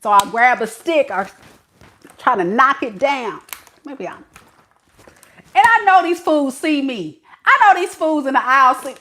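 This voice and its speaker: A young woman, a tarot reader, chatting casually to camera with playful, animated storytelling. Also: high-pitched, a little slow, long pauses. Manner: animated, playful storytelling with lots of acted-out voices.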